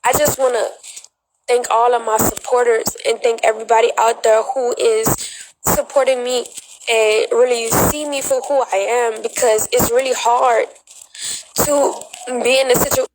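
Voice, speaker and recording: Tearful young woman, high voice, defiant, repetitive, phone livestream. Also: fairly even intonation, normal speed, background noise. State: crying. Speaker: social media livestreamer. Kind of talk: emotional livestream monologue.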